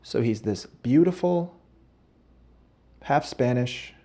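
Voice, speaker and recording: With lively intonation and a warm, medium-pitched voice, this man speaks slowly while hosting a podcast. He delivers an absurd, rambling comedy story, often cutting himself off to correct details.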